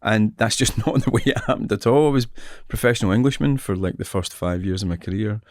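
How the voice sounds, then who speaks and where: A middle-aged Scottish man telling stories in casual chat, animated, acting out other people's voices and laughing often. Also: lowish voice, fast talker, a little hiss or hum. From Scotland. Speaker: actor guest.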